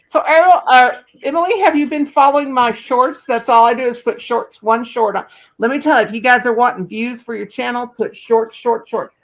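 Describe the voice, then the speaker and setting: Folksy woman hosting a live chat, gravelly and chatty. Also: a little high, low-quality recording. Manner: chatty, folksy, addresses viewers by name. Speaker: livestream host. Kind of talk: casual livestream chat.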